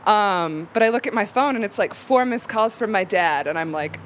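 A woman's voice: mid-range voice, animated, moderate pace, hardly any pauses, a bit bright, a little hiss or hum. A young woman telling a personal story live on stage, casual and rambling with many fillers. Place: live event venue.

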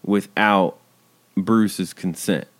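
A man's voice: low voice, steady tone, very slow. Wisecracking man swearing through a recap. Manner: wisecracking, blunt, swears casually. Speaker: podcast co-host. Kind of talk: casual TV recap chat.

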